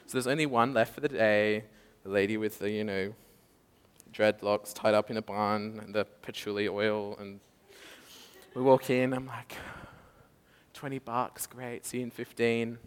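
A young man giving a lively testimony sermon, acting out quotes and laughing as he tells his story. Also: lowish voice, a little slow, clear, resonant tone. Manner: animated storytelling, acts out quotes, laughs often. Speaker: preacher. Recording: echoey hall.

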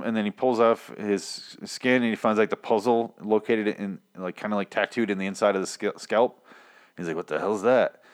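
A young man recapping a TV episode casually, rambling, swearing and breaking off mid-sentence. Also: medium pitch. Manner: rambling, profane, self-interrupting. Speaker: TV reviewer.

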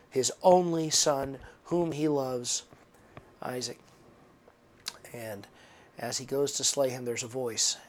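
A man preaching a sermon earnestly, stressing points by repeating phrases, with frequent restarts. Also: medium pitch. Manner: earnest, with emphatic repetition and restarts.

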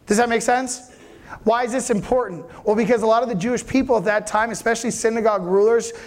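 A man's voice: very high voice, steady tone, fast. A man preaching a sermon, telling the story animatedly with casual slang.

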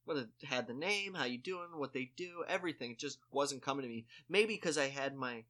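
A man with a bright, forceful voice tells an awkward story in a relaxed chat. He rambles and restarts his sentences, stuffs them with "like", and makes fun of himself as he goes. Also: medium pitch, fairly quick. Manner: rambling, full of "like" and restarts, self-mocking. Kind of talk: casual chat, telling a story.

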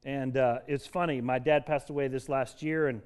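A middle-aged man from Denver preaching a sermon as pastor, moving between emphatic declarations and soft, reflective passages. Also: mid-range voice, steady tone, normal speed, clear, resonant tone. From Denver, Colorado.

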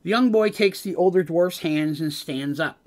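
A man's voice: high voice, normal speed, darkish tone. A man acting as game master, retelling a tabletop game session in dramatic narration with casual asides.

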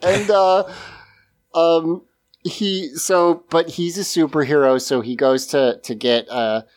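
A man's voice: on the high side, fairly even intonation, takes it slowly. A man casually recapping a TV episode on a podcast, rambling and laughing often as he talks. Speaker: podcast co-host.

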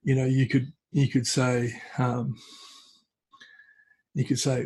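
A man with a husky, slightly breathy voice talks with a guest's easy, unhurried manner. He keeps circling back and restarting his sentences as he retells an old story. His pitch sits in an ordinary middle range. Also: monotone, darkish tone. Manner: hesitant, restarts phrases, tells story with acted quotes. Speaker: podcast guest. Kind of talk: conversational storytelling. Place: at home with a cat.

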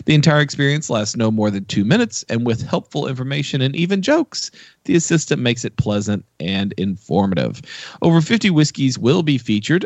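A man's voice: medium pitch, no echo. Man reading news with dry asides. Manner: reads copy with dry asides. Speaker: podcast co-host. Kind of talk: reading news item in casual chat.

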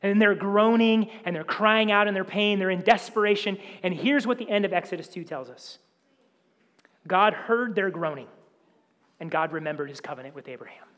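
A male pastor preaching with a high voice. He is emphatic and often sinks to a hushed near-whisper to press a point. His words ring with the long reverb of a large hall. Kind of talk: sermon.

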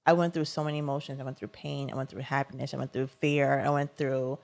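A young woman co-hosting a podcast, telling a personal story in a casual, animated way with many "like" fillers. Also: extremely low pitch, quick pace, vocal fry. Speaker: podcast co-host.

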